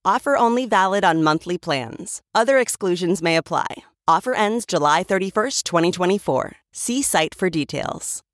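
A woman reads a scripted advertisement in a smooth, even, upbeat delivery. Her voice is recorded dry and close, with no room sound. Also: lowish voice, moderate pace, hardly any pauses, no echo. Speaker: ad announcer. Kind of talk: scripted ad read. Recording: dry studio voice-over.

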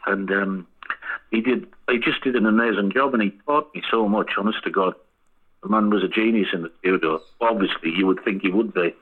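Male rock musician guest, husky low voice, swears freely, phone-line sound. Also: a little fast. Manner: swearing, laughing anecdotes. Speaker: band frontman guest. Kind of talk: casual storytelling interview.

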